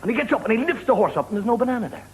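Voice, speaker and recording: A man's voice: expressive, very fast. A middle-aged man with an Irish accent, telling stand-up stories with wry, lilting timing. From Ireland. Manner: lilting, wry, rising pitch in the punchlines. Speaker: stand-up comedian. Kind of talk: stand-up storytelling. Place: television studio with audience. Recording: noisy 1970s TV broadcast.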